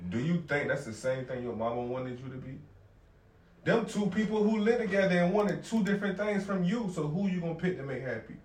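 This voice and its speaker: A man's voice: high voice, lively intonation, fairly quick, darkish tone, a little hiss or hum. Blunt man pressing his point in a roomy space. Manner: blunt, insistent, repeats questions. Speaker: panel member. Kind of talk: casual group debate. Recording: roomy echo, mic a bit far.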